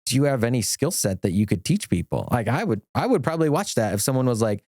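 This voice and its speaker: A middle-aged man talks as a guest on a podcast, with an animated, eager delivery that jumps between ideas and restarts his sentences. His voice sits at an ordinary male pitch. The sound is close and dry, with no room echo. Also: fast talker. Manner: animated, enthusiastic, rambling with restarts. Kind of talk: casual podcast conversation.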